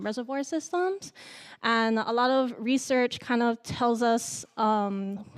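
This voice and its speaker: A young woman from Hawaii, giving a nervous, halting student presentation full of fillers. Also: mid-range voice, smooth. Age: young adult. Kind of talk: symposium presentation.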